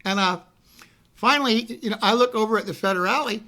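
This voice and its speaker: A middle-aged man rambling through a casual anecdote, often adding "you know what I mean" and loudly acting out what people said. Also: high-pitched, brisk. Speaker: storyteller.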